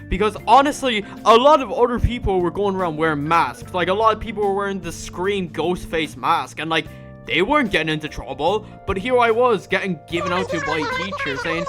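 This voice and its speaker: Animated Irish young-man vlogger, ranting school stories; high, lively voice over faint music. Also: brisk. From Ireland. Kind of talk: storytime vlog.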